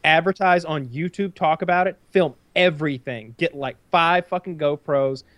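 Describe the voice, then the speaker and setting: A man co-hosting a podcast in casual chat, animated and profane, with frequent restarts and fillers. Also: a little high, normal speed, no room sound.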